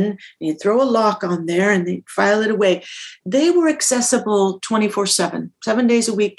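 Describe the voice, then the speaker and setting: An older woman with a Minnesota accent, a guest telling detailed stories from memory in a podcast interview, often restarting her sentences. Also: mid-range voice. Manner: detailed, self-correcting recollection. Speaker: guest, audio engineer.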